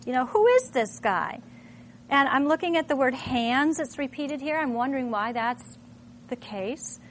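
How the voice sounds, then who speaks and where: A woman's voice: high-pitched, animated, unhurried, slight background noise. A middle-aged woman from Minnesota, a teacher thinking aloud with lots of rhetorical questions while demonstrating to a room. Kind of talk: classroom demonstration talk.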